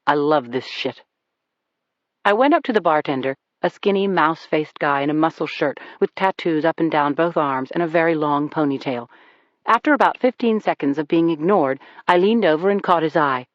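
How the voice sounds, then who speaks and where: Audiobook narrator, wry first-person thriller read, middle pitch, lo-fi dry recording. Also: animated, fairly quick, dry recording.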